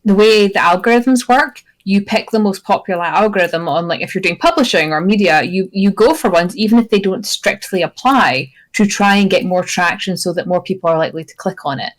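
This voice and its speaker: Chatty woman podcaster. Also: mid-range voice. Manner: quick, explanatory, many restarts. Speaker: podcast co-host. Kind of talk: casual chat, film review.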